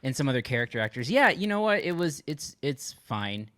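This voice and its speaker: A man's voice: medium pitch, very animated, brisk, fairly bright tone, no room sound, studio quality. Hesitant man with a mid-range voice. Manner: hesitant, full of "like" and "uh". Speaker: podcast co-host. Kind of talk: casual chat.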